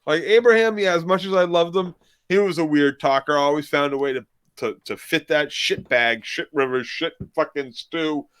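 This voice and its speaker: A man's voice: a little high, moderate pace, a bit bright, clean tone. A man co-hosting a casual recap, ranting in an exasperated, heavily profane way. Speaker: podcast co-host.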